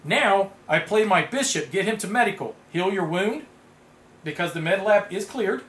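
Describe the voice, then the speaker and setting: A man casually playing a tabletop card game, reading card text aloud with bursts of excited outcries. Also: high voice, normal speed. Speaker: board game player. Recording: echoey room with background noise.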